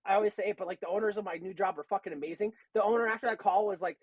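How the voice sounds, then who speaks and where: A man's voice: high-pitched, steady tone, very fast, no room sound, rough recording. A man on a podcast, telling a work story in a casual, rambling way and swearing a lot. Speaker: podcast co-host.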